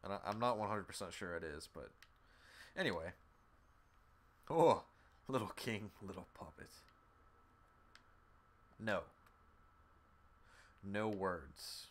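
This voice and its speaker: A man's voice: deep voice, animated, slow, long pauses. A man streaming a game live, commenting casually, swearing freely and reading the on-screen text aloud. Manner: swears freely and talks straight to viewers. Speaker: gaming streamer.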